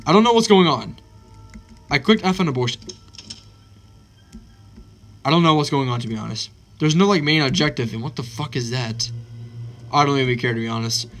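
A man hosting a let's play of a horror game, excitable and swearing constantly, yelping at scares. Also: mid-range voice, a little fast, pauses often, soft background music. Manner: excitable, swears constantly, yelps when startled. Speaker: gaming channel host.

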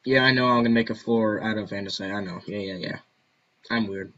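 A man's voice: lowish voice, fairly quick, fairly bright tone, muffled recording. A man giving casual gameplay commentary, rambling and joking to himself. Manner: rambling, jokey self-talk. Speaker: gaming video host.

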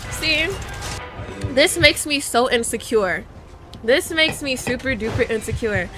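Slow-talking woman over game music. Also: on the high side. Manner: chatty, talks straight to viewers; dramatic outbursts of mock outrage. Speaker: gaming YouTuber. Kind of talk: live gameplay commentary.

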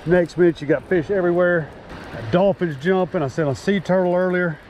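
A man, a fishing vlogger who talks excitedly and exclaims a lot while surf fishing outdoors. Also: high voice, fairly quick. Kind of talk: excited outdoor vlog commentary. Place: outdoors on an ocean beach, surf behind. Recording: outdoor recording with loud surf noise.

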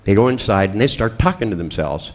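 A man's voice: lowish voice, lively intonation, fairly quick. A man giving a seminar talk, telling blunt, profane stories about therapy clients with wry humor. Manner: wry, laughs at his own stories. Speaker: seminar presenter on therapy and coaching. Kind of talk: storytelling seminar talk to a live audience.

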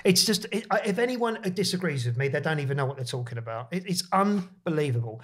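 A man's voice: a little high, animated, fast talker. A man hosting a podcast, talking in an emphatic, insistent way. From London. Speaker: podcast host and artist. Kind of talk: casual podcast chat.

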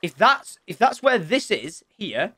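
Unhurried and slightly rough-voiced, a young man hosting a gaming channel talks his viewers through his play in a lively Let's Play manner. He's chatty and excitable, his pitch jumping up and down as he thinks out loud.

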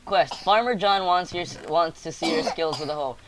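A man hosting a casual let's-play with a friend, joking excitedly and reading quest text aloud. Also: on the high side, moderate pace, over a noisy crowd. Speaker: gaming channel host.

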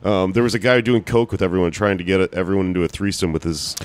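A man's voice: sits low, fast. A man co-hosting a podcast, rambling through a story with fillers in casual comedic chat. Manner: rambling, with filler words and jokes.

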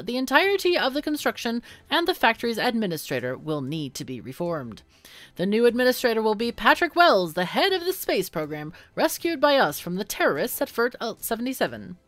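A woman reading game text as an upbeat propaganda TV newscaster, in a bright announcer cadence. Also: fairly high pitch, no room sound, voice pushed up.

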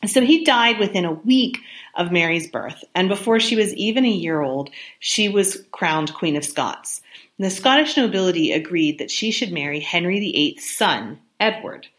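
A woman's voice: fairly low pitch, animated, moderate pace, a bit bright. A woman hosting a history podcast, telling the story in a chatty, sympathetic way with ums and self-corrections. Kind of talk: conversational history narration.

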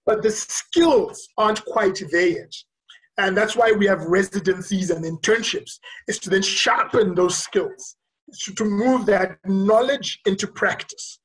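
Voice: mid-range voice, rough recording. Earnest doctor telling a hard story. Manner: reflective, earnest, with frequent pauses and restarts. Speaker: conference speaker and physician. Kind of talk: virtual conference talk, personal storytelling. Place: remote recording for a virtual conference.

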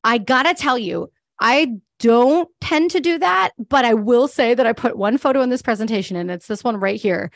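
A woman's voice: on the high side, moderate pace, creaky, hardly any pauses, dry recording, studio quality. A woman pet photographer giving a casual presentation, chatty and full of fillers, laughing often. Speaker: guest speaker, pet photographer.

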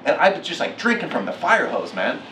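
A middle-aged man giving a keynote talk, telling a story with lively acted-out quotes. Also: a little high, brisk, slight background noise. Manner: animated, acts out quotes with laughs. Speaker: keynote speaker. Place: lecture hall. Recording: echoey hall from far off.

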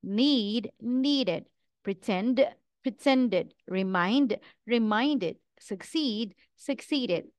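A woman teaching English pronunciation, reading out verb pairs in a slow, deliberate drill with each word carefully enunciated. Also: on the high side, dry recording.

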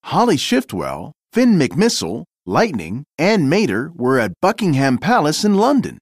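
A man reading a children's storybook aloud, his voice sitting a bit high and swinging widely in pitch. He tells the story in a clear, expressive way. The recording is close and dry. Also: a little slow, no room sound. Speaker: narrator.

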